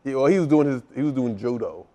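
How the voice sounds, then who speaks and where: An easygoing man in his thirties, chatting as a guest in a casual interview. His voice sits at a middle pitch, and he agrees readily and restarts his sentences as he goes. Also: lively intonation, quick pace, warm tone. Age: 30s. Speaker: guest, former wrestler.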